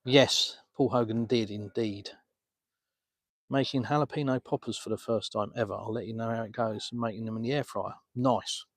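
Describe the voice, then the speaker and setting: A man's voice: fairly low pitch, fairly even intonation, normal speed, dry recording. An Englishman casually answering viewer comments on a live stream from a beach, filmed on a phone. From England. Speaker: vlogger answering live chat. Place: outdoors on a beach.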